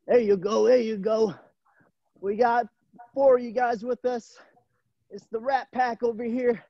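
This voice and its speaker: A man with a very high, steady voice speaks unhurriedly, recorded through a camera mic on a video call with no room sound and dull audio. He's coaching a live online gymnastics class from a gym, cheering the kids on and using their nicknames.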